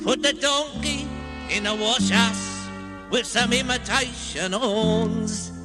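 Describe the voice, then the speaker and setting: A man's voice: very high-pitched, slow pace. A man voicing a cheeky male fox puppet who sings music-hall songs and tells jokes with bursts of laughter, on a comic record. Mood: jolly singing. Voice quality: chuckling, music-hall sing-song. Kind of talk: comic song and patter record. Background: brass band music.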